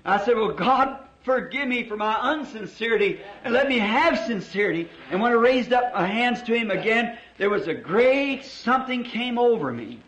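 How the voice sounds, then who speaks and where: A fervent man of middle age with a high, ringing voice preaches and tells a story from the pulpit, leaning hard into the telling and drawing out the words that matter. The sound is dull and lo-fi, like an old sermon tape. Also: lively intonation, fairly bright tone. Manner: fervent, dramatic, slows down to stress words.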